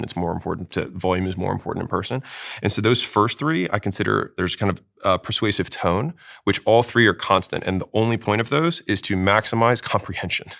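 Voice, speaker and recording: A man talking fast as a sales trainer, explaining with examples in an interview. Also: on the low side, creaky, fairly bright tone. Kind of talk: casual interview talk.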